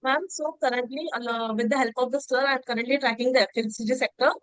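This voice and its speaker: A woman's voice: a little high, fairly even intonation, quick pace, fairly bright tone, dry recording, low-quality recording. Hesitant, polite young woman, dry sound. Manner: polite, hesitant, addresses coaches as ma'am. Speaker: job candidate. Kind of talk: mock interview answer.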